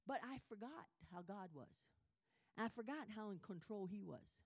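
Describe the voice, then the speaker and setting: A woman's voice: medium pitch, animated. Woman preaching an earnest testimony. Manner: emotional, conversational storytelling that asks the audience questions; leads listeners in reading scripture aloud, slow and emphatic. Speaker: women's Bible study speaker. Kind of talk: sermon with personal testimony.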